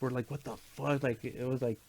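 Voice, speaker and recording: A man chatting casually with a friend, relaxed, saying "dude" and cursing. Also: medium pitch, fairly quick, vocal fry. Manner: relaxed, swearing, frequent "yeah, dude". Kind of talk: casual chat.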